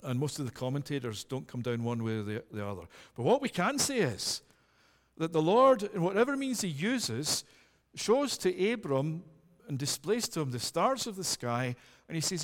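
A man's voice: fairly high pitch, expressive, moderate pace, in a large hall. A man preaching an earnest, emphatic sermon, pressing his listeners with questions.

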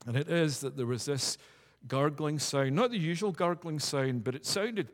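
A man's voice: fairly high pitch, normal speed. A man preaching a sermon, emphatic and building repeated declarations with rising force. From United Kingdom. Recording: long hall reverb.

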